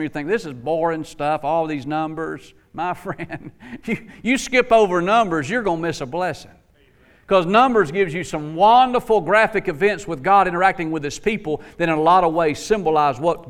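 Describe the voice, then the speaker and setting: A man's voice: fairly high pitch, fairly quick. A man preaching a sermon to his congregation, emphatic and folksy, repeating lines for effect. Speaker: pastor.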